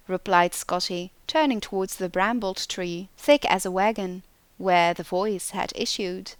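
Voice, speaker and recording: A woman narrating an audiobook in slow, deliberate storytelling. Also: mid-range voice, clean tone, no echo. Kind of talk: scripted narration.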